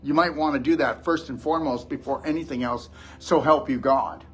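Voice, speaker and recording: A man's voice: fairly high pitch, a little fast. A man giving a blunt, scolding motivational lecture to a live audience as a wellness show host.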